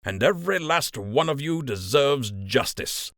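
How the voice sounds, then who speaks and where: A man voicing an angry, surly male rabbit soldier captain who speaks coldly and shouts. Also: mid-range voice, expressive, unhurried, dry recording, clean studio sound, pitched above the performer's own voice. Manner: cold, seething, shouting.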